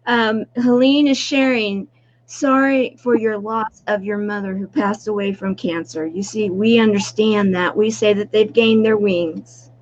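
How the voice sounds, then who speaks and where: A woman's voice: medium pitch, fairly even intonation, a little slow, highs cut off, slight background noise. A woman hosting an online talk show, introducing guests in an effusive way. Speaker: host. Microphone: video call.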